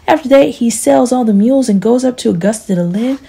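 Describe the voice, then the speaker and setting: A woman's voice: a little high, brisk, vocal fry, warm tone, husky, voice pushed up. Woman doing a whiny, self-pitying old farmer. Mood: complaining. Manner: pleading, complaining delivery.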